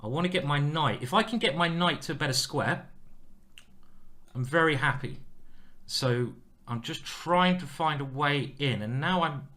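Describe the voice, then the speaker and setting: A man commentating live on his own blitz chess games in a playful, self-mocking and excitable way. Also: fairly high pitch, normal speed. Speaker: chess streamer playing a blitz match.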